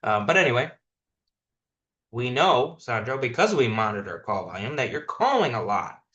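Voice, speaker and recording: A man's voice: mid-range voice, sing-song, moderate pace, bright, forceful tone, echoey room, lo-fi sound. A man leading a sales team meeting on a call, coaching his callers directly and repeating key points for emphasis.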